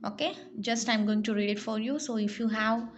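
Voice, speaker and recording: A woman teacher reading words and sentences aloud slowly and carefully in an English lesson for young pupils. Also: on the high side, dull audio, slight background noise.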